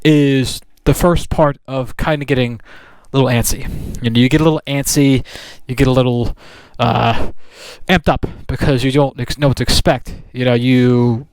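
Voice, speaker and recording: A man's voice: mid-range voice, fairly even intonation, moderate pace, hardly any pauses, darkish tone, smooth, no room sound. A man vlogging about motorcycles in a casual, rambling chat with lots of restarts. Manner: rambling, with many restarts and fillers. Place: riding or parked outdoors on a motorcycle.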